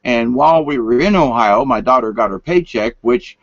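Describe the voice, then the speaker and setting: Older man, folksy late-night rambler, pitch rises and falls a lot, dry close sound. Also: animated, moderate pace, gravelly, no echo. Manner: folksy, meandering, drops to whispers. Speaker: vlogger. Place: home room, lights turned down. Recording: dull lo-fi sound.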